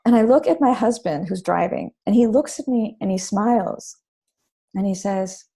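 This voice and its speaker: Woman author guest talking parenting, relaxed dark voice, keeps restarting her sentences. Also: mid-range voice, normal speed, creaky, breathy edge. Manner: animated storytelling with many restarts and fillers. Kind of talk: casual interview conversation.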